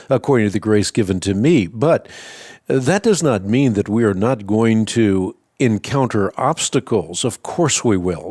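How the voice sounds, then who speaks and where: A middle-aged man hosting a radio call-in show, answering a caller with measured, earnest teaching. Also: on the low side, a little mellow, no echo, clean studio sound. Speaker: radio Bible answer host.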